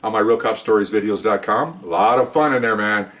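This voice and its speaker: Joking older retired cop telling stories. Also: male voice, on the low side, a little fast. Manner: jokey, animated, chuckling storyteller. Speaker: retired police officer storyteller. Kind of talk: casual anecdote telling.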